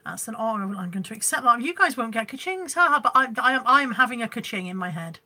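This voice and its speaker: A woman's voice: fairly high pitch, expressive, fast, bright, forceful tone. A woman hosting a live stream from home on her phone, chatting with viewers, reading out their comments and rambling a little. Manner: chatty and scattered, reads out comments. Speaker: live-stream reseller host. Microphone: phone camera.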